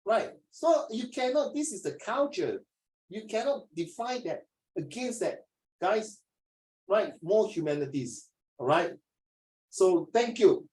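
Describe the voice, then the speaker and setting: A middle-aged man with a Malaysian English accent teaching an English lesson, lively and lecturing, mixing in Mandarin. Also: high voice, slow pace, reverberant, rough recording. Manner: animated, switches between English and Mandarin, lectures and acts out scenes. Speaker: English tutor. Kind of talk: classroom lesson.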